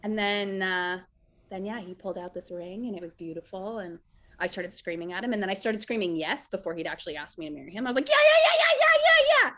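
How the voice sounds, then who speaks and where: A woman's voice: fairly low pitch, quick pace. Woman guest chatting away, lots of "like", acts out voices in her stories. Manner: animated storyteller, acts out quotes, says "like" often. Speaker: actress guest. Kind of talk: casual interview chat.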